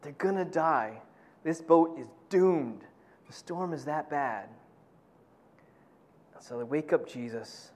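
Chatty preacher with a highish voice. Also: male voice, animated, takes it slowly, pauses often. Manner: conversational, lots of "you know", acts out quotes loudly. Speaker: pastor. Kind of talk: sermon.

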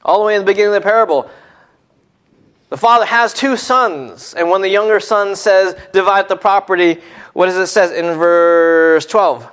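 A man preaching a sermon in an expressive way, dropping to hushed tones and then rising to emphatic points. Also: high voice, normal speed, smooth.

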